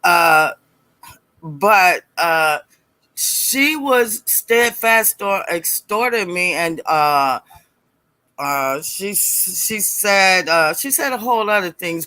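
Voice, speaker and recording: A middle-aged woman telling a personal story in a casual, animated way, acting out voices and laughing as she goes. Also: medium pitch, dry recording. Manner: animated, acts out quoted voices, laughs often.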